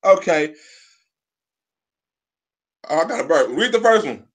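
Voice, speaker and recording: A man hosting a live stream, talking in a profane, rambling way with halting restarts. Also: a little high, very animated. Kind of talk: casual live stream chat.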